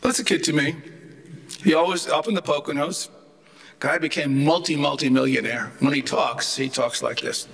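A man's voice: a little high, brisk, creaky, fairly bright tone. An older man giving a humorous, anecdotal theology lecture, chatty and rambling, with wry joking asides.

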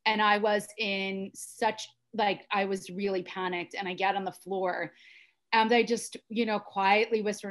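Middle-aged woman, American, podcast guest, earnest, intense storytelling, medium pitch. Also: fairly even intonation, moderate pace, fairly bright tone. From United States. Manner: earnest and intense, with frequent restarts. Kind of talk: personal storytelling.

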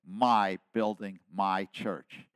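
Older man preaching, slow and low. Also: fairly even intonation, clear, resonant tone, dry recording. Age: 70s. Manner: impassioned preaching, swinging between soft asides and loud emphasis. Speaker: pastor. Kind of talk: sermon.

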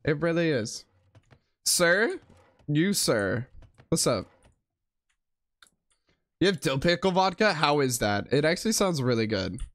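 A man's voice: fairly high pitch, sing-song, measured pace, pauses often, a bit bright. A man streaming a game live, giving casual, profane, slangy commentary and laughing often.

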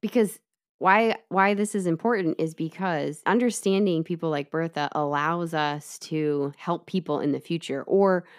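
A woman with a notably low voice retells a criminal trial step by step for her co-host. She is chatty and easygoing, with plenty of asides. The delivery is casual storytelling rather than a read script. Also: moderate pace. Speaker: podcast co-host telling the case. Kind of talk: casual true-crime storytelling.

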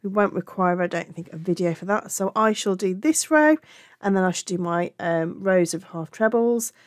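Black country woman doing a crochet tutorial, chatty and warm, keeps fixing her own slips, dry close sound. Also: medium pitch, moderate pace, dry recording. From England. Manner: chatty, affectionate, self-correcting.

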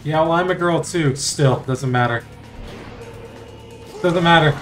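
A man's voice: a little high, moderate pace, faint music behind. Crude joking male game streamer. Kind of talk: casual gaming commentary.

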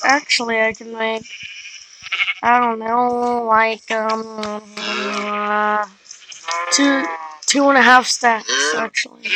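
A woman chatting casually while playing a game, rambling and now and then breaking into soft sing-song, over loud background noise. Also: fairly high pitch. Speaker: gamer. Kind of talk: casual gameplay commentary.

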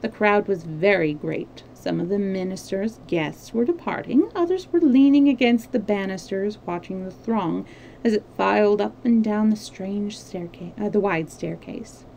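Woman reading a story out loud, gravelly and mellow, bit of hiss behind. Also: mid-range voice, rough recording. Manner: unhurried reading with small slips and self-corrections. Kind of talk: reading a novel aloud. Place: home streaming setup.

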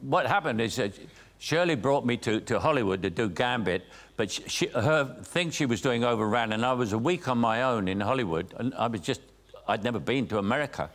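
A man's voice: medium pitch, lively intonation, fairly quick, fairly bright tone. An older man with a London Cockney accent telling an anecdote as a talk show guest. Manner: storytelling with acted quotes and laughs. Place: TV studio. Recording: TV clip with faint studio noise.

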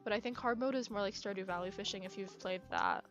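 A woman's voice: mid-range voice, fast. A young woman talking casually and chattily to herself while playing a video game, over muffled game music. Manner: chatty, upbeat, self-talking. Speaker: gaming video creator. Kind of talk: casual gameplay commentary.

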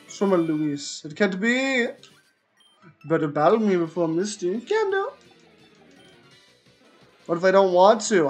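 A VTuber streamer giving casual gameplay commentary, playfully mocking opponents, with faint game music behind. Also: mid-range voice.

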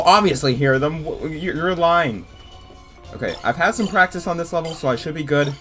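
A young man doing casual let's-play commentary, excitable and jumpy, talking to his viewers as he plays. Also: fairly high pitch, moderate pace, soft background music. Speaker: gaming YouTuber.

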